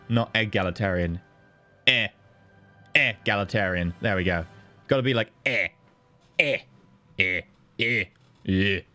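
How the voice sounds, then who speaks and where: A chatty man streaming a game, his voice sitting at a middle pitch but swinging widely up and down as he talks. He jokes with viewers and sometimes jumps into a high, excited tone. Faint music plays underneath. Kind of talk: casual livestream commentary.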